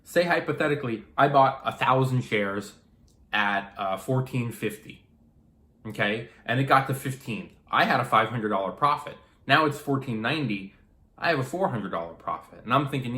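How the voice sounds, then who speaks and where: A man, a day trader, casually explaining to camera how stocks rise and fall, animated and acting out a trader's thoughts, with some swearing. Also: mid-range voice, moderate pace, echoey room.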